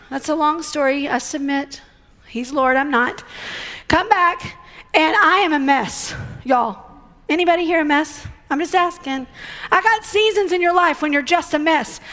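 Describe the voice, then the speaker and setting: A middle-aged woman, preaching as a guest speaker and telling a story in a lively, conversational way with acted-out quotes. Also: sits high, unhurried. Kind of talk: sermon.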